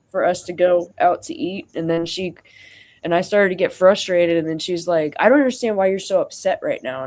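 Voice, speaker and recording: A streamer tells a long personal story in a loose, rambling way, full of "like" and "you know." The voice sits at an ordinary mid pitch and jumps between narration and acted-out quotes of both sides of the exchange. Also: a little mellow. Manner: rambling, acts out quoted dialogue, frequent fillers. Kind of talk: venting casual storytelling.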